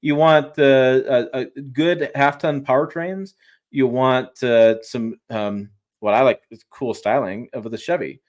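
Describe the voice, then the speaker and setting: A man with an ordinary mid-pitched voice talks in a loose, rambling way, full of restarts and false starts. He sounds eager and chatty, like a guest on a casual livestream who could go on for hours. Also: fairly even intonation, unhurried. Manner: rambling, restarts often, enthusiastic. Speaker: guest truck reviewer.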